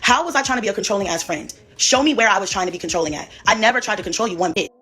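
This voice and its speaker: Woman going off fast on her live, cussing, faint music under it. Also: mid-range voice, animated, sharp tone. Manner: confrontational and profane. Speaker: livestreamer. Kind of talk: livestream rant.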